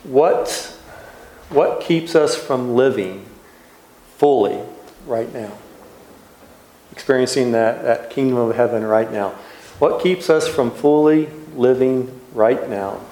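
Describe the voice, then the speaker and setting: A man, a pastor, giving a reflective sermon in a gentle, unhurried way with soft trailing pauses. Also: medium pitch. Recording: echoey room.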